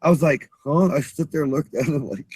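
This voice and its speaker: A man's voice: a little high, steady tone, quick pace, darkish tone, husky, no room sound. A man chatting casually as a show co-host, laid-back and slangy. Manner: laid-back, says dude and man a lot. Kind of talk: casual chat.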